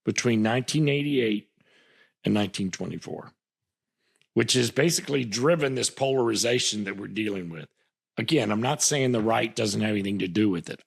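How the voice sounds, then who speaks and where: Gravelly, husky man ranting. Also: medium pitch. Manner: passionate, repetitive, stammering restarts. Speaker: podcast host. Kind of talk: political commentary monologue.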